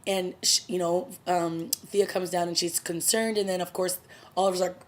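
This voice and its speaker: A woman's voice: on the low side, steady tone, normal speed. Chatty woman recapping a TV episode. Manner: chatty, opinionated, laughs while retelling scenes. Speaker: TV review vlogger. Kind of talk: casual spoken episode recap.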